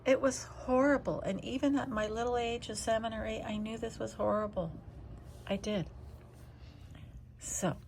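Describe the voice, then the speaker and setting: A woman's voice: fairly high pitch, steady tone, normal speed, vocal fry, long pauses, a little hiss or hum. Older woman murmuring stories to her cat. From Canada. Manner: rambling, often drops to a soft whisper. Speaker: vlogger talking to her cat. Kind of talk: casual storytelling to a pet.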